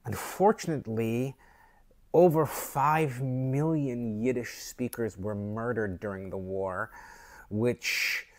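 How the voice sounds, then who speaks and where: A man from Canada talking slowly and thoughtfully to camera in a reflective vlog, with fillers and restarts. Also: mid-range voice. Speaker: vlogger.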